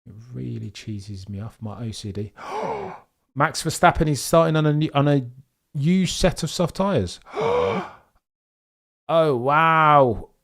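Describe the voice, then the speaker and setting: A young man hosting a live race watchalong stream, chatting excitedly to his viewers. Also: on the high side, normal speed, vocal fry. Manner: excitable, chatty, talks straight to chat. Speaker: livestream host watching a race.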